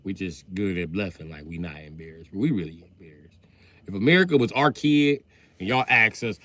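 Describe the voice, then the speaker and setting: A man's voice: deep voice, brisk, fairly bright tone, dry recording. A man hosting a livestream, ranting crudely and loosely in a comedic way. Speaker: livestream host. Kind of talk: profane comedic rant.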